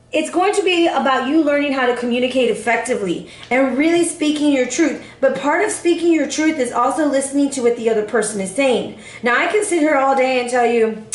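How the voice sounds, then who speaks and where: A woman's voice: high voice, roomy sound. A woman giving a casual tarot forecast straight to the viewer, sassy and chatty, calling her listener baby. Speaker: tarot reader.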